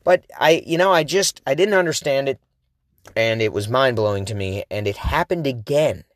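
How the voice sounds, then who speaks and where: On a close mic with a dry recording, a man hosting a podcast rambles through a personal story at a moderate pace, often restarting and making fun of himself. His medium-pitched voice is animated.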